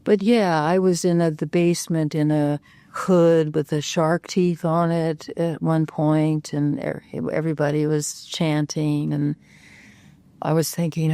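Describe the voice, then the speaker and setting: A woman guest being interviewed, talking candidly and with self-mocking humor about low-budget film work. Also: little pitch movement, unhurried, dark tone, clear, resonant tone, no room sound. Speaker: guest actress. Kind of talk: casual interview chat.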